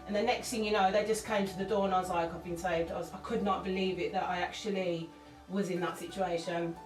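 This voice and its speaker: Speaking fast in a fairly low voice with fairly even intonation, a woman singer gives a candid, emotional interview, often restarting as she rambles. The distant mic picks up a roomy sound and faint music.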